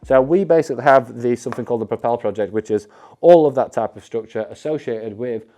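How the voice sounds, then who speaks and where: A man's voice: mid-range voice, fast, warm tone. A man who mentors fitness professionals gives direct-to-camera advice in a blunt, emphatic way, swearing often and checking in with "right?".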